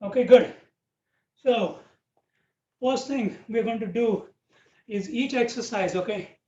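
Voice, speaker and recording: A man with a high voice leads a live fitness class, counting out reps and urging people to keep going. The sound is distant and echoey, dull and muffled, with a faint hiss behind it. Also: takes it slowly, a little mellow. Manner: encouraging, counts out reps, frequent "okay" and "right". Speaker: fitness instructor. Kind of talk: live online workout class. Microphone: video call. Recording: dull, roomy, distant video-call audio with faint hiss.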